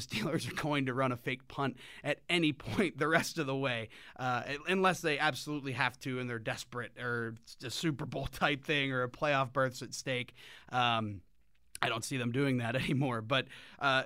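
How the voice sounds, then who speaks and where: A man's voice: mid-range voice, sharp tone, smooth, no echo, studio quality. A man co-hosting a sports talk show, agreeable and chatty, often affirming his partner. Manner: agreeable, frequent affirmations, laughs easily. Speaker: sports podcast co-host.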